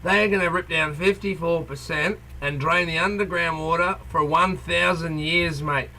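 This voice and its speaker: A man's voice: a little high, fairly even intonation, normal speed, sharp tone, a little hiss or hum. An Australian man giving a blunt, passionate rant to camera outdoors, calling everyone "mate". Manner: blunt, repeats "mate" constantly. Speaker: activist vlogger. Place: outdoors near a coal mine.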